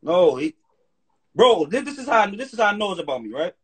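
Husky high-voiced man ranting angrily. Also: brisk. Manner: profane, animated, keeps asking "you heard?". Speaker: guest on a live stream. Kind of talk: heated livestream rant.

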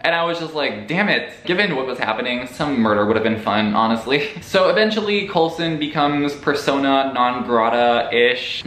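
A man casually recapping a book's plot for his vlog, animated and swearing, popping into quick voices for the characters. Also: mid-range voice, a little hiss or hum. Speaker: book vlogger. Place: room at home. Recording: echoey room with faint ambience.

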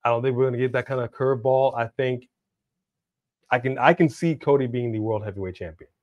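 A man's voice: mid-range voice, brisk, darkish tone, no echo, muffled recording. A man co-hosting a live wrestling prediction stream, chatting casually and now and then bursting into a hype-announcer delivery.

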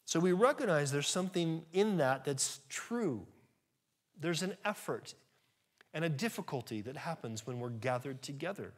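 A man's voice: fairly high pitch, expressive, moderate pace. A man preaching a sermon as pastor, earnest and emphatic, asking his listeners rhetorical questions.

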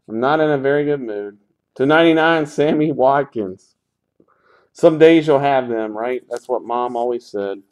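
A man's voice: medium pitch, measured pace, pauses often, a little mellow, smooth. A man hosting a live sports card break, calling out pulls in a sarcastic, grumbling, profane way.

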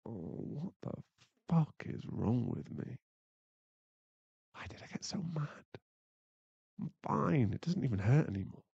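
A man's voice: medium pitch, very animated, moderate pace, creaky, warm tone, slightly rough, no room sound, lo-fi sound, full character voice. A man voicing a young boyfriend who is hot-tempered but remorseful, in a whispered role-play, swearing and then murmuring apologies.

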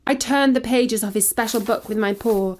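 A woman's voice: fairly high pitch, normal speed. A woman reading a children's bedtime story aloud, expressively telling it in the first person as a cat.

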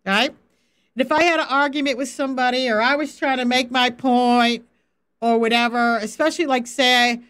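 A woman faith coach giving informal Bible teaching, animated, laughing and acting out quotes as she talks. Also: high voice, normal speed, clear, resonant tone.

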